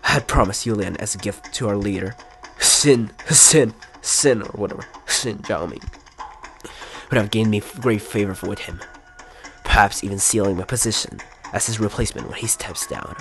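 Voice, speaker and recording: A man's voice: on the low side, moderate pace, fairly bright tone, soft background music. A man reading game dialogue aloud in a put-on British accent, voicing a stern, scheming older crime-family uncle in a stiff, formal way.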